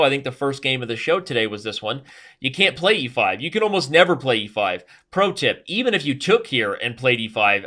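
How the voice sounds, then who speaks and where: A man hosting a live chess stream, talking quickly and cracking jokes as he explains openings. His voice is bright and forceful, sitting at an ordinary middle pitch. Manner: fast-talking, joking, chatty.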